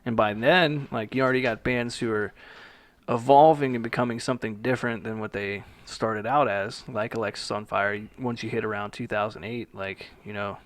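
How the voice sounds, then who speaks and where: Speaking at a normal pace in a low, steady voice with no room sound, a young male podcast co-host trades stories in loose, profane banter. He laughs often as he talks.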